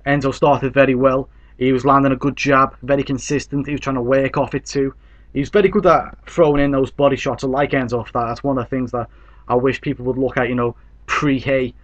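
A man from Britain talks boxing in a loose, unscripted rant. He is blunt and swears freely, and his voice sits in an ordinary middle pitch as he gets fired up. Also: muffled recording. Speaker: boxing commentator. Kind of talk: casual opinion commentary.

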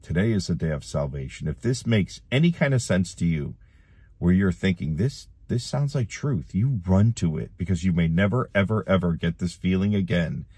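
Low, husky man, urgent pleading gospel appeal to camera, dry close sound. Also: lively intonation, brisk, darkish tone, no room sound. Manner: urgent, pleading, repeats himself. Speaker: online preacher.

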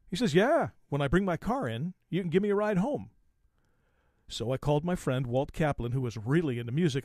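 A man hosts a car podcast and spins a long story in a folksy, lively way, voicing the people in it as he goes. His voice sits a little high, and the sound is dry and close to the mic. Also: dry recording. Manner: folksy, animated retelling with quoted dialogue. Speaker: podcast host.

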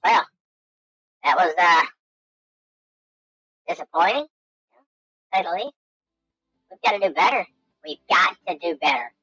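Goofy, lively woman gamer, slow and bouncy. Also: fairly low pitch, breathy edge, no echo, soft background music. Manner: goofy, excitable, talks to herself, makes silly sound effects. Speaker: gaming channel host. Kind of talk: let's-play game commentary. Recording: dull lo-fi dry recording.

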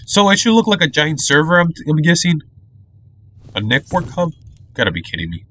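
A man's voice: fairly high pitch, very animated, normal speed, fairly bright tone, a little hiss or hum. A man doing let's play commentary on a horror shooter, jumpy, cursing often and muttering nervously. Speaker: gamer playing a horror shooter.

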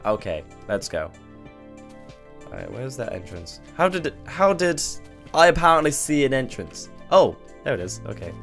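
A man's voice: medium pitch, sing-song, moderate pace, gravelly, a bit bright. Chatty man playing a game. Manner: chatty, swears, thinks aloud. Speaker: gaming video host. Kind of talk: let's play commentary. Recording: faint background music.

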